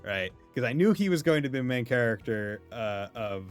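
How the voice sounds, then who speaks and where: A man's voice: mid-range voice, fairly quick, few pauses, smooth, soft background music. A man from Rhode Island with a light Rhode Island accent, streaming a game in casual, rambling chat, laughing often and swearing now and then. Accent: light Rhode Island New England. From Rhode Island, USA.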